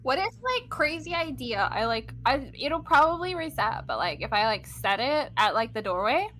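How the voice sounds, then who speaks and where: A woman's voice: high-pitched, sing-song, normal speed, sharp tone, a little hiss or hum. A woman streamer chatting casually while gaming, in a valley girl drawl full of "like".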